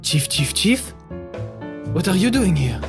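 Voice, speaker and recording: A man doing a stiff, halting woman faking an accent. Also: sits high, sing-song, over music, pitched above the performer's own voice, exaggerated voice. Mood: startled. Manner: halting, stiff, overly formal. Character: awkward young woman, bad fake accent.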